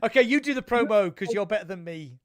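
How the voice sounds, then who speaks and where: A man co-hosting a casual podcast, excitable and jokey. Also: high-pitched, quick pace, no room sound. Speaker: podcast co-host.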